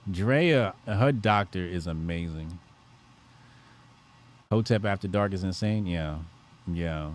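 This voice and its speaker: A man hosting a livestream, joking crudely and reacting to his chat. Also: lowish voice. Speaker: livestream host.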